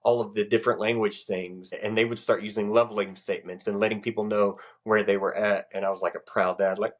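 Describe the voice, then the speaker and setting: Earnest, expressive man. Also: on the low side, a little fast. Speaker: podcast guest, Navy chief. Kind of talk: casual interview conversation.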